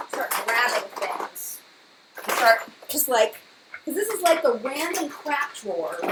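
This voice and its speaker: A woman's voice: sits high, noisy background. A young woman hosting a casual live chat, chatty and emotional, talking to her viewers by name.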